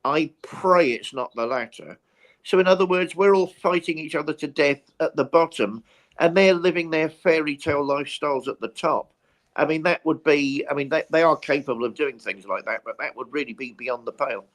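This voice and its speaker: A man's voice: a little high, fairly quick, fairly bright tone. A British man co-hosting a talk show, ranting passionately about politics. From Britain. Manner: impassioned, ranting. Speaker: co-host. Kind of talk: opinionated talk-show chat.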